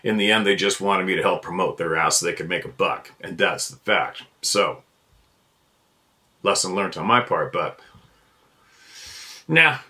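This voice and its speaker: A man's voice: low-pitched, animated, unhurried, long pauses, pushed and bright. A man hosting his own show, talking in a blunt, fired-up rant, cursing freely and repeating his points. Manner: blunt and profane, repeats himself. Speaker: podcast host. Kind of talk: fired-up ranting monologue.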